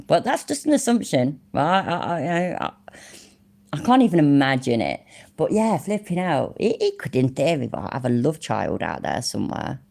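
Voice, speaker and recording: A woman's voice: low voice, big pitch swings, normal speed, vocal fry, a little mellow. A British woman hosting a casual reaction livestream, mocking the clip, laughing often and thanking chatters by name. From United Kingdom. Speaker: livestream commentator reading chat.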